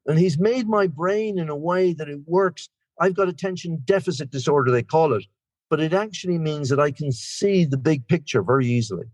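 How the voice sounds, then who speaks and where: A man's voice: on the high side, a little fast, darkish tone, no echo. An Irish man in his sixties, sharing his recovery story at a meeting in a rambling, self-deprecating way. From Ireland. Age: 60s. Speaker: guest speaker.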